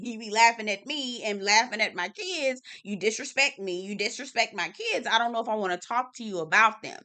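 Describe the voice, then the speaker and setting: A woman recapping a reality-TV episode in a casual vlog, blunt and animated, swearing freely and talking straight to her viewers. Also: on the high side, brisk, few pauses. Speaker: TV review vlogger.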